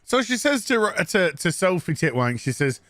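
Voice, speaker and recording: A man's voice: high-pitched, very animated, normal speed, fairly bright tone, no echo, studio quality. A man giving a crude, sarcastic, mocking recap of a TV episode as a show reviewer.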